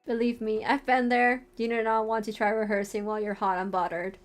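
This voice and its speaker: A woman voicing a boisterous, teasing male friend from a visual novel, playful and loud. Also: on the high side, little pitch movement, a little fast, faint music behind, natural voice. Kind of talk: reading visual novel lines aloud.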